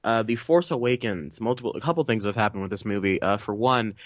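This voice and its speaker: A man's voice: lowish voice, fast talker, no room sound, clean studio sound. A young man co-hosting a movie podcast in casual chat, rambling with restarts and jokey asides. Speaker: podcast co-host.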